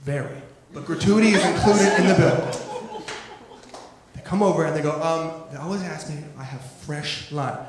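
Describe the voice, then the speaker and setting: A man's voice: on the high side, normal speed. A young man doing brash, profane stand-up comedy in a comedy club. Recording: echoey comedy club with crowd.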